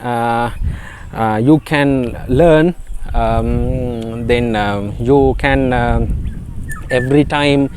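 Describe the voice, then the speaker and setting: A Sri Lankan man whose first language is Sinhala, teaching a beginner spoken English lesson in a halting way, with many fillers and repeated words. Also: medium pitch, darkish tone, a little hiss or hum.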